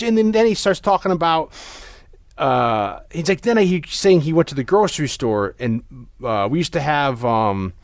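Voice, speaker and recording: This young podcast host rambles through a story in casual chat, restarting himself many times. His voice is a little high and very animated at normal speed, with no echo.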